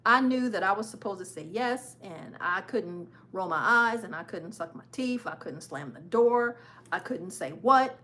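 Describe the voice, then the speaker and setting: A woman's voice: mid-range voice, lively intonation, moderate pace, bright, forceful tone, a little hiss or hum. A woman hosting a live cruise news stream, chatting casually, repeating phrases for emphasis and laughing often.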